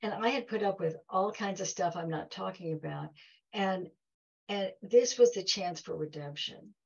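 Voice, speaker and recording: A woman's voice: medium pitch, moderate pace, vocal fry, husky, highs cut off. A woman giving a heartfelt talk to an audience, telling stories and acting out quoted dialogue. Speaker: guest speaker.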